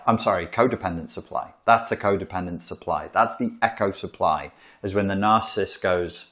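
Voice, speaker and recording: In a room with a board he writes on, a man gives a casual psychology lecture at normal speed in a low, slightly bright voice. He's blunt, swears freely, and performs the voices of people he quotes.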